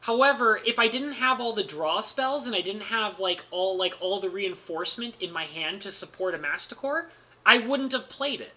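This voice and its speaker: Bright-voiced excitable man telling a story. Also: high voice, moderate pace. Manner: excitable, heavy use of "like" fillers, laughs mid-story. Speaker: streamer. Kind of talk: casual storytelling about a card game.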